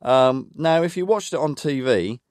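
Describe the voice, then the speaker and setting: A man's voice: mid-range voice, animated, normal speed, darkish tone, smooth, dry recording, clean studio sound. A man co-hosting a casual football podcast, reminiscing in a rambling way with plenty of fillers. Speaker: podcast co-host.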